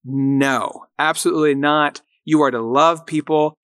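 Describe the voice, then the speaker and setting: A man's voice: fairly high pitch, fairly even intonation, a little slow, a bit bright, no room sound. A man hosting a motivational podcast from a recording studio, talking in an upbeat, encouraging way and coaxing listeners to repeat affirmations after him. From rural farm upbringing. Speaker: podcast host and coach.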